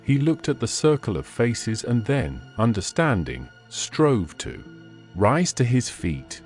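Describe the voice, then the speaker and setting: A man reading a classic short story aloud as an audiobook narrator, measured and expressive. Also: mid-range voice, soft background music.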